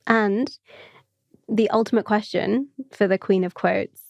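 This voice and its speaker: A woman hosts a casual podcast interview, chiming in with soft murmurs of agreement and putting friendly, eager questions to her guest. Her voice has a creaky, gravelly grain, and the sound is dry and close, with no room echo. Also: medium pitch, fairly even intonation, unhurried, muffled recording. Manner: friendly and enthusiastic, gives soft "mm" backchannels and asks questions. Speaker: podcast host.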